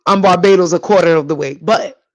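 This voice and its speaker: A woman's voice: on the low side, fairly quick, no room sound, rough recording. A woman from Brooklyn with a New York accent hosting a casual solo podcast. She talks straight to her listeners and repeats lines for emphasis. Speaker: podcast host.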